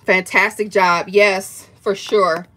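A woman with excitedly unboxing gifts on a livestream, gushing, gasping and laughing often. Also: medium pitch, slow, a little hiss or hum. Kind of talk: excited live unboxing chat.

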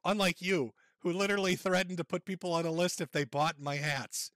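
A man's voice: high-pitched, fairly quick, fairly bright tone, no echo. A man hosting a stream, mocking and ridiculing the person in the clips he plays. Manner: sneering, ridiculing, laughs at clips.

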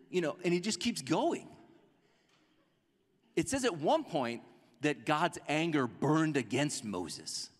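A man preaching a sermon as a pastor, in a conversational, animated way that acts out quotes. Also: on the high side, slow, long pauses, long reverb tail. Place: church sanctuary.

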